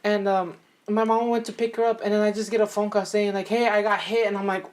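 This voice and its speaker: A woman's voice: medium pitch, level tone, fast, a little mellow. A young woman co-hosting a podcast, telling a story in a casual chat, rambling with many fillers and laughing now and then. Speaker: podcast co-host.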